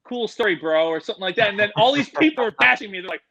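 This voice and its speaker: Animated, bright-voiced storyteller man. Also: sits high, very fast, creaky, low-quality recording. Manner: animated, swears freely, acts out voices in his stories. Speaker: podcast guest, animal educator. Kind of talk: casual storytelling.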